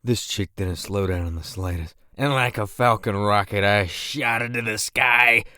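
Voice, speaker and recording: A man in his twenties tells crude, self-mocking storytime anecdotes for an animation, with sudden loud bursts. His voice sits a little low and sounds smooth and resonant. The recording is close and dry, with no room sound. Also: measured pace, dry recording. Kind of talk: comedic storytime narration.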